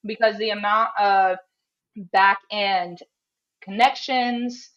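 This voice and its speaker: A woman's voice: mid-range voice, fairly even intonation, slow pace, fairly bright tone, lo-fi sound. A young woman from Canada, a strength coach, chatting in an upbeat, casual way. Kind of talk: casual interview chat.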